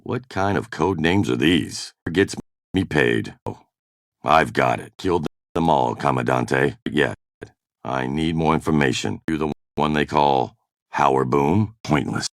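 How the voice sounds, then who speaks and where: An actor playing a hard-bitten, mercenary privateer captain in video game voice-over takes, with curt, sardonic lines. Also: male voice, rumbling low, a little slow, no room sound, clean studio sound. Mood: gruff. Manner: curt, sardonic one-liners. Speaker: voice actor in game recording sessions.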